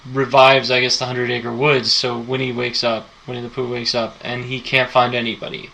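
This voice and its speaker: A man's voice: mid-range voice, completely flat delivery, normal speed, creaky, bright, forceful tone, poor audio. A man co-hosting a podcast, casually retelling a movie plot in a rambling, enthusiastic way. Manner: rambling, enthusiastic storytelling with fillers. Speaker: podcast co-host.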